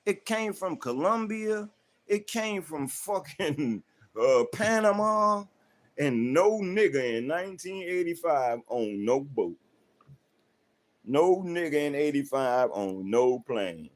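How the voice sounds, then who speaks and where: A man's voice: a little high, expressive, slow. Profane, confrontational man ranting with AAVE. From South Central Los Angeles. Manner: profane, confrontational, rhetorical questions. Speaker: livestream host. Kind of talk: ranting monologue to chat.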